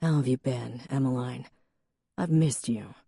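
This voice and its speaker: Audiobook: woman doing a mild, earnest young guy, dark and low, lecturing on goals. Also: measured pace, vocal fry, slightly rough, no echo, studio quality, exaggerated voice. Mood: soft earnest. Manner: mild, preachy about goals. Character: earnest fit young man, mild and self-assured.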